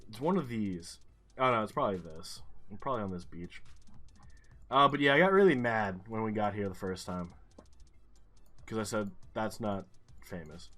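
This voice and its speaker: A man's voice: fairly low pitch, a bit bright. A man commentating his own gameplay, thinking aloud, swearing and getting frustrated.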